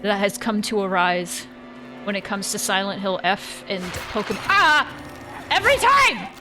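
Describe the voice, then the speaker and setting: A woman streamer chatting casually during a horror game, telling rambling, animated stories and yelping at scares. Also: mid-range voice, moderate pace, music in the background. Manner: rambling, animated storytelling with sudden yelps. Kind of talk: casual live-stream chat.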